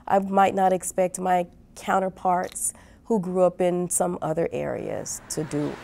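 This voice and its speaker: Thoughtful female interviewee from Southwest Louisiana; dark, fry-laden voice. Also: fairly low pitch, a little slow. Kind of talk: reflective interview talk.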